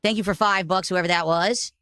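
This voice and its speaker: A man's voice: high voice, fairly even intonation, brisk, bright, forceful tone, soft background music. A man ranting heatedly on a livestream, profane and threatening. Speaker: streamer. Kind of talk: angry livestream rant.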